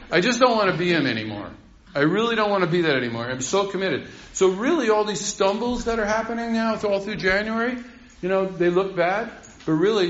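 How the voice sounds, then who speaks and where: A man's voice: high-pitched, fairly bright tone, a little hiss or hum. An older man rambling through a heartfelt recovery share, laughing often. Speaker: speaker sharing at a recovery meeting. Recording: roomy, dull recording.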